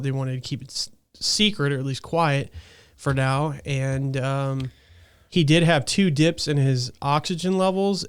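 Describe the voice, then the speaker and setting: A man's voice: medium pitch, clear, resonant tone. A man in his thirties hosting a casual podcast, chatting in a rambling way and laughing easily. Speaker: podcast host.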